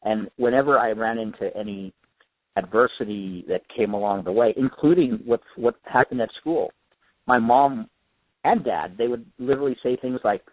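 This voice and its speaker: A man's voice: medium pitch, normal speed, no room sound. A man from California telling his life story earnestly as a radio guest. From California, United States. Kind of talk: personal life story in an interview. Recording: tinny phone line, dry.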